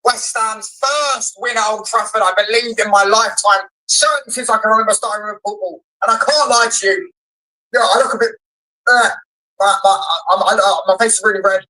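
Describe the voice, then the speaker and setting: A man's voice: sits high, a little fast, sharp tone, low-quality recording. A man doing a furious, sweary football fan rant after a loss. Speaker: fan reaction creator.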